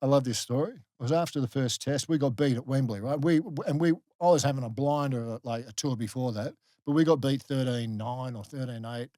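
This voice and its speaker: Aussie bloke telling a long story on a podcast, lots of um and like, dry sound. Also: male voice, mid-range voice, a little fast, hardly any pauses, dry recording. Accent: Australian. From Australia. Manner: animated storyteller, many fillers and restarts. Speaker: guest, former rugby league player. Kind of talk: casual storytelling in a podcast interview.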